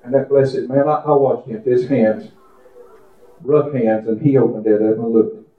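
A man's voice: medium pitch, steady tone, a little slow. A man preaching a fervent testimony sermon, his voice climbing as he prays aloud and slipping into folksy storytelling. The sound is echoey, as if from a big room, and squeezed thin like it is coming over a phone line. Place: church service.

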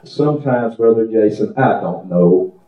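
A man's voice: lowish voice, unhurried. A man preaching a fervent testimony sermon, his voice climbing as he prays aloud and slipping into folksy storytelling. The sound is echoey, as if from a big room, and squeezed thin like it is coming over a phone line. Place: church service.

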